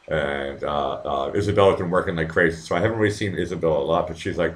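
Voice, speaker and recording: A man's voice: deep voice, fast talker, hardly any pauses. A middle-aged man hosting a live stream, chatting loosely to viewers, stammering, repeating words and swearing casually. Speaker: live show host.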